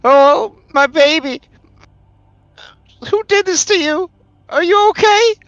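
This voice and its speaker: A man's voice: slow pace, a bit bright, no room sound, lo-fi sound, full character voice. A man voicing a grieving goblin mother who weeps and pleads over her son. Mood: tearful, pleading. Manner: high, sobbing, pleading.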